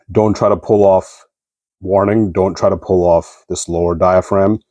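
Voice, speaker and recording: A man giving a relaxed, rambling review of an action figure as a channel host, with plenty of fillers like "kinda" and "you know.". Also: deep voice, takes it slowly, dry recording. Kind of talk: casual product review.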